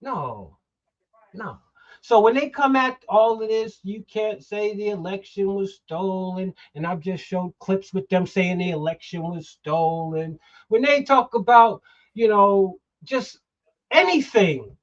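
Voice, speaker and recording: A man's voice: high voice, slow, dull audio. A middle-aged man hosting a political talk show, heated and emphatic, swearing now and then. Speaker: host.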